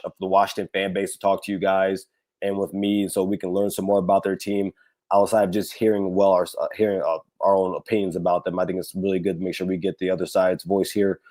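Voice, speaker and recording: A man with a raspy, hoarse voice hosts a casual sports talk livestream, rambling with many fillers and restarts. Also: low voice, darkish tone. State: hoarse, recovering from illness. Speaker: podcast host.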